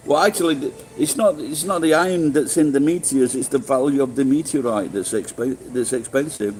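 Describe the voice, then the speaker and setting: A man's voice: mid-range voice, brisk, a little mellow, slight background noise, low-quality recording. A middle-aged man with a Sheffield accent, live-streaming and chatting casually with viewers in a rambling, swearing way with many restarts. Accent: Sheffield English. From England.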